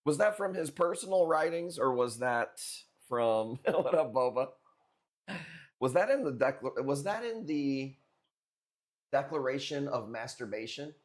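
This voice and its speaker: Hosting a live stream coral auction, a young man talks casually with viewers, rambling and swapping crude jokes. His mid-range voice is expressive and his pace measured.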